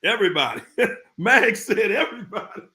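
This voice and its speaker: A man's voice: high-pitched, expressive, moderate pace, bright, forceful tone. A man hosting a casual live stream, talking straight to his viewers in informal slang and repeating his points for emphasis. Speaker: live-stream host talking about narcissists.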